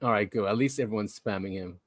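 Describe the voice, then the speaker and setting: A man co-hosting a podcast in a casual, animated way, laughing often and restarting his sentences. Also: lowish voice, quick pace, no echo. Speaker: podcast co-host.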